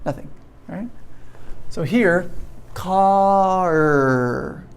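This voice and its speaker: A man teaching a pronunciation lesson, explaining slowly and checking in often with "okay?". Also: fairly high pitch. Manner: slow, repetitive, checking in with "okay?". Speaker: English teacher.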